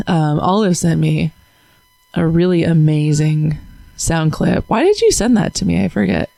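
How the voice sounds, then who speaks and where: A woman hosting a podcast, chatting casually with her daughter, teasing and quick to laugh. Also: deep voice, expressive, creaky, dark tone, no room sound. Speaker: podcast host.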